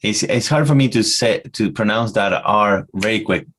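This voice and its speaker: A man's voice: fairly low pitch, normal speed, a bit bright. An Argentine man co-hosting a podcast in his second language, chatting casually and searching for words with hesitant restarts. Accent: Argentine Spanish. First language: Spanish. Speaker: podcast co-host. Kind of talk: casual conversational chat.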